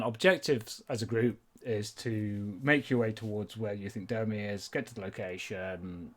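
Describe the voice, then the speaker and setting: A man's voice: fairly low pitch, fairly even intonation, moderate pace, few pauses. A man narrating as game master of a tabletop game in a loose, rambling, chatty way.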